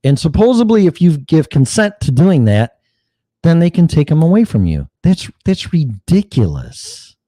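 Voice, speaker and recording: A man's voice: a little high, big pitch swings, normal speed, mellow, dry recording. Blunt, swearing man ranting. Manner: blunt, heated, swears often, mocks opponents in put-on quotes. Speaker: podcast host. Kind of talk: profane political monologue.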